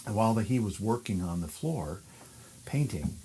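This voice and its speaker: Low-voiced man hosting a ghost hunt. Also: lively intonation, noisy background. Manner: slow, deliberate questions to the spirits. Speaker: paranormal investigator host. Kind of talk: live ghost hunt narration and spirit questioning.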